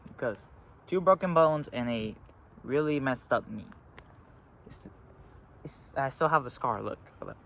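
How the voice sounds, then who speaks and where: A teenage boy telling a story to a phone camera beside a road, halting and full of fillers. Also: mid-range voice, creaky, a bit bright. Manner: rambling, halting, with frequent fillers. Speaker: vlogger. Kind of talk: casual storytelling. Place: outdoors by a road. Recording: faint traffic noise outdoors.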